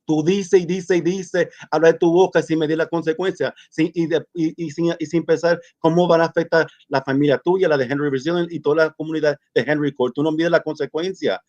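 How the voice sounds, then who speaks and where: A man rants at a streamer, angry and stammering, repeating words as he goes. His voice sits a little high. The call audio is muffled and lo-fi. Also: fairly even intonation, fast talker, few pauses, darkish tone. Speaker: guest caller. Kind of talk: heated rant to a streamer.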